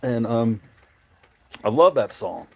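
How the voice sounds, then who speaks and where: A man's voice: medium pitch, expressive, takes it slowly, creaky, a little mellow. Southern-accented man rambling on a livestream. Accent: Southern US, Tennessee. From Memphis, Tennessee. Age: adult, married. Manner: rambling, profane, reads viewer chat aloud. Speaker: livestream host. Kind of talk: casual livestream chat.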